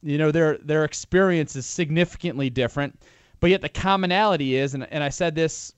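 Higher-voiced male sports radio co-host. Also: fairly quick, smooth, no echo. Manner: rambling, restarts often. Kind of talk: casual sports talk.

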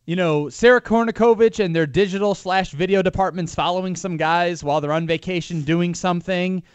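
Male sports radio co-host, slightly high voice, dry close sound, rambling analysis. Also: a little fast, clean tone, dry recording, highs cut off. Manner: rambling, restarts often. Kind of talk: casual sports talk.

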